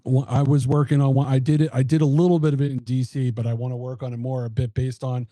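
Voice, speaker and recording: Comedian guest, man, rambling storyteller, dark warm tone, dry close mic. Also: mid-range voice, little pitch movement, fast, dry recording. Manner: rambling, laughs through his stories. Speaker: comedian and podcast co-host. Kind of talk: casual chat.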